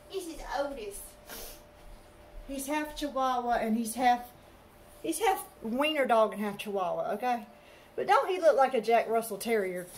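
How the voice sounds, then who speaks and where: A woman's voice: fairly high pitch, a little hiss or hum. A woman, chatting casually to the camera in her bedroom and talking to her pets between rambling stories. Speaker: vlogger.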